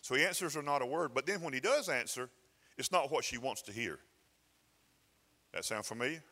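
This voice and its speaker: Pastor preaching with bright church reverb. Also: male voice, medium pitch, expressive, fairly quick. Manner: conversational preaching with repeated restarts and folksy asides. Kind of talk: sermon. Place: church sanctuary.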